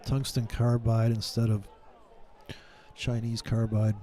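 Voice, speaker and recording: A man hosting a casual trading livestream rambles and rants to viewers, mocking things in a profane, joking way. His medium-pitched voice is warm but flat, and he speaks slowly.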